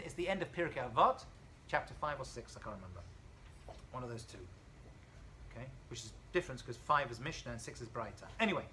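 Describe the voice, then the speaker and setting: A man's voice: mid-range voice, slight background noise, poor audio. A man, a rabbi, giving an informal college class, telling stories animatedly and joking with students. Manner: animated storyteller, acts out dialogue, jokes with students.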